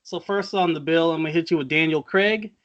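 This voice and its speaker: Man, podcast co-host, high voice, animated, laughs a lot, casual chat. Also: a little fast, highs cut off. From Trinidad. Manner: animated, laughing, mimics movie characters.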